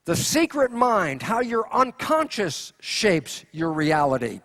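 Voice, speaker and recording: A man giving a keynote lecture, animated, asking rhetorical questions and acting out quoted voices. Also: sits high, slow pace, hardly any pauses. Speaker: conference speaker.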